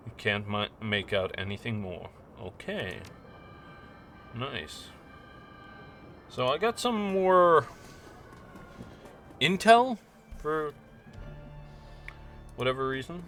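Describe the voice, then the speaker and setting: A man streaming a role-playing game, reading the game text aloud in a steady, plain way. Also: mid-range voice, takes it slowly, pauses often, soft background music. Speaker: gamer streaming a playthrough.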